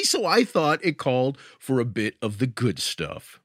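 Halting, lively male podcast storyteller. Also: mid-range voice, no echo, studio quality. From United States. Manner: self-deprecating, halting with many restarts. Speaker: podcast co-host. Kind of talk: casual storytelling chat.

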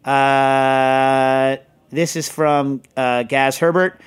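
A man's voice: medium pitch, steady tone, very slow, smooth. Rambling, digressive male podcast host. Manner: rambling, digressive, heavy on fillers. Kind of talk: casual chat.

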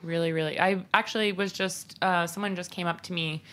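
A woman's voice: fairly low pitch, fairly even intonation, fairly quick, fairly bright tone. A woman hosting a podcast in casual chat, giggly, self-mocking and swearing freely. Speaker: podcast host.

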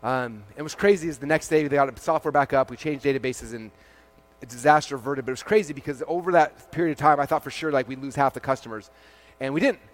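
A man giving a keynote talk to a live audience at his company's event. He tells stories, acts out the dialogue with lots of "I'm like" and "he's like", and fills pauses with "um" and "like". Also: mid-range voice.

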